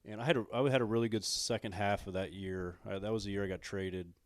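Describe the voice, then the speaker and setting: Low-voiced man recalling his pitching days. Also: fast, no echo. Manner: relaxed, frequent fillers and "you know". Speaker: guest, former pro pitcher. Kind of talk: casual interview chat.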